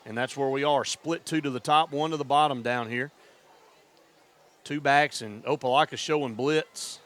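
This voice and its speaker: A man doing play-by-play for a high school football game, building to excited shouts on big plays. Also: normal speed. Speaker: play-by-play announcer.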